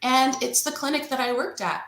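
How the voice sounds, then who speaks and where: A woman's voice: high-pitched, a little fast, fairly bright tone. Earnest woman, echoey room. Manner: earnest storytelling. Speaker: guest. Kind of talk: faith testimony and teaching.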